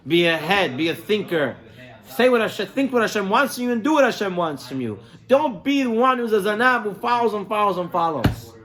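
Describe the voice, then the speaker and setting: A rabbi delivering a weekly sermon in a fairly high voice. He tells parables with animated energy, repeats phrases for emphasis and drops Hebrew terms into his talk. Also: a little fast.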